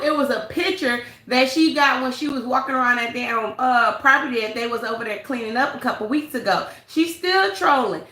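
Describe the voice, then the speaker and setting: A high, bright woman talks blunt and sassy on a casual livestream. She greets viewers by name between her commentary, and her voice carries an echoey room sound. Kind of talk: casual live-stream gossip commentary.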